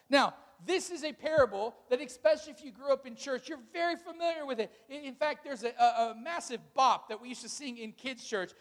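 A man's voice: very high-pitched, a little fast, few pauses, big-room sound. A male pastor preaching a sermon in a casual, conversational way, drawing responses from the congregation in a church sanctuary.

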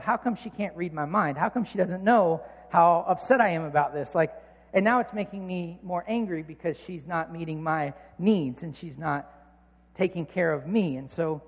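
A man in his thirties preaching a sermon, telling a personal story with earnest, self-mocking humor. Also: high-pitched. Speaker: pastor. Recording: long reverb of a large hall.

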